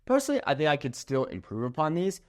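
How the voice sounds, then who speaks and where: A young man, a native English speaker, teaching Spanish pronunciation in an upbeat way, slowing down to spell out words and checking in with "okay?". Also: on the high side, wildly swooping pitch. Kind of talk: energetic language lesson.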